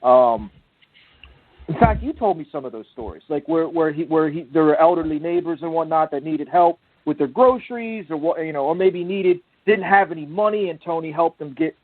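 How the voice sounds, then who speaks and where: A man's voice: fairly high pitch, lively intonation, a little fast, dry recording. Man talking earnestly over a tinny line. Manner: profane, rambling, earnest. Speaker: podcast co-host. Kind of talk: casual chat. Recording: tinny phone-line audio.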